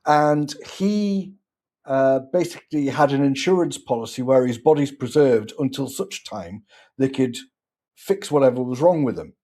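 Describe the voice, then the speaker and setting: A man's voice: medium pitch, mellow. Guy hosting a podcast, laid back, chimes in a lot with little yeahs. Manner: easygoing, quick encouraging interjections. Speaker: podcast host. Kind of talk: casual chat.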